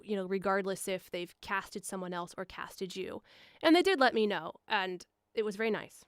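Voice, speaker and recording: A young woman voice actor chatting on a live stream, rambling casually with lots of fillers and bursting into higher voices to act out quoted lines. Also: normal speed, clear, resonant tone, no room sound, clean studio sound. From Milwaukee area. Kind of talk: casual live-stream chat answering viewers. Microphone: studio mic, a foot away.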